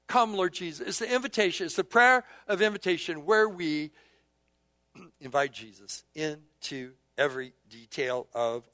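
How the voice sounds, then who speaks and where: A man's voice: fairly high pitch, dry recording, studio quality. Man preaching, leading call-and-response prayer. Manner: leads congregation in call-and-response prayers, swings from soft to emphatic. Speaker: pastor. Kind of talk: sermon.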